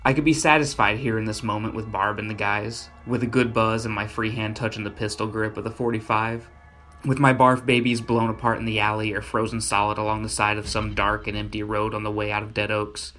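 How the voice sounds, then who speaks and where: A man narrating a first-person horror story in a gritty, blunt and deadpan way. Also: lowish voice, fairly quick, soft background music.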